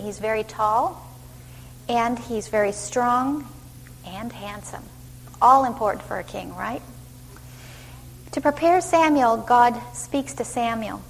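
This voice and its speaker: Woman teaching scripture in a reverberant hall. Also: on the high side. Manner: lively, asks the listeners questions. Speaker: Bible teacher. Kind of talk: Bible study teaching. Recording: reverberant hall with faint hum.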